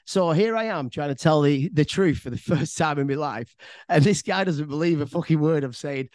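A man's voice: a little high, expressive, normal speed, darkish tone, no echo, studio quality. Chatty English man telling a story. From England. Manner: rambling and chatty, swears freely, stumbles and repeats words. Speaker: podcast storyteller. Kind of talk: casual spoken storytelling.

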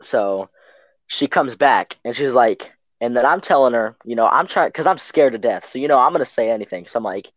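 A young man tells a story in a loose, rambling way, stacking fillers and restarts. His voice sits mid-pitch, and the recording is dry and close. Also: animated, brisk, no room sound, poor audio. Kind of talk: casual storytelling.

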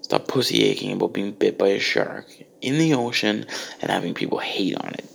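A man's voice: lowish voice, a little fast, creaky. A man delivering a profane, exasperated comedic rant. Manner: ranting, exasperated, heavy swearing.

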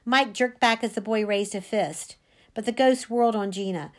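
A woman's voice: mid-range voice, normal speed. A woman, a teacher reading a novel aloud to a class, reading expressively and dramatically with small slips.

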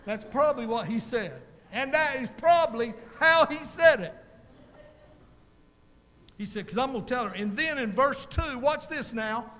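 A male pastor preaching a sermon in a folksy, animated storytelling way, calling out to his congregation. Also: extremely high pitch, unhurried, in a large hall.

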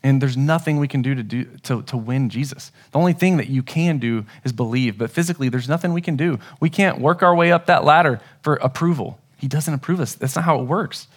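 A man's voice: medium pitch, a little fast, few pauses. A man in his thirties preaching a sermon as pastor, telling family stories in an earnest, conversational way. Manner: conversational, earnest storytelling with restarts.

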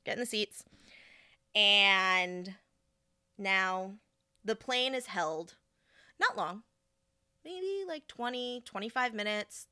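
A woman's voice: mid-range voice, clear, resonant tone, no echo, studio quality. A young adult woman hosting a podcast, telling a story in a casual way and acting out the people in it. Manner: animated, quoting people in put-on voices. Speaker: podcast host.

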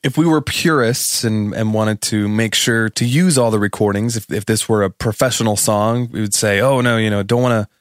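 In a dry recording, a man with a lowish voice talks at a moderate pace with few pauses. He's a podcast co-host, casually discussing studio production and chuckling as he explains.

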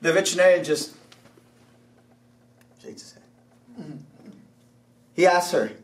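A man preaching a sermon. He tells a story in a lively way, laughs along, and shouts his calls to action. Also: sits high, takes it slowly. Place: church hall. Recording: roomy, distant church mic.

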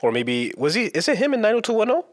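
Teasing young man, lively voice. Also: high voice. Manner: teasing, quick questions, laid-back. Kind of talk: casual chat.

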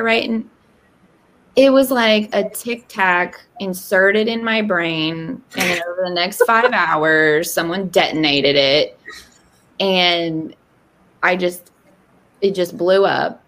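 A woman in her thirties telling a candid personal story in casual conversation, acting out quoted lines. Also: takes it slowly. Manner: animated, acts out quoted dialogue with rising pitch. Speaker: podcast guest.

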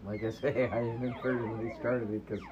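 A man talking as a guest, relaxed and chuckling as he explains his homebrewing. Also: mid-range voice, a little fast, muffled recording, a crowd in the background. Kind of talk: casual chat. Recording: steady background noise.

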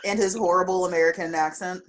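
A woman co-hosting a podcast, talking in a chatty, animated way with lots of fillers. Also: fairly low pitch, fast talker, background noise. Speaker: podcast co-host. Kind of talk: casual chat.

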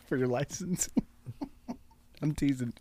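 A man in his late thirties talking in a relaxed, reflective way in casual conversation, with a gravelly edge and a habit of teasing and laughing. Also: a little high, a little hiss or hum. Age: 30s. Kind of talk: casual podcast chat.

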